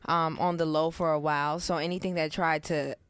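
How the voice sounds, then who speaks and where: Young woman, podcast co-host, low-ish pitch, smooth clear tone, slangy casual chat, dry close sound. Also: fairly even intonation, brisk, no room sound. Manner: casual slangy talk, open and heartfelt. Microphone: podcast mic on camera.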